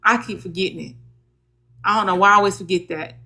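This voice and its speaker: A woman's voice: medium pitch, quick pace, bright, forceful tone. A woman with a Southern US accent hosting a casual livestream about legal advocacy, chatty and folksy, talking straight to her viewers.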